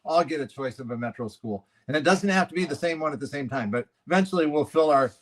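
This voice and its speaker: A man's voice: on the high side, lively intonation, quick pace. Easygoing man co-hosting a podcast. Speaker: podcast co-host. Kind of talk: casual podcast chat.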